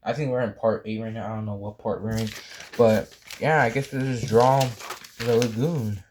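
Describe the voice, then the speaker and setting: A young man talks through a drawing tutorial in a relaxed, meandering way, with lots of ums and self-corrections. His voice sits a little low, with a warm, mellow tone. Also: moderate pace, slight background noise. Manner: rambling, apologetic, many fillers and restarts. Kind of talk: casual drawing tutorial chat.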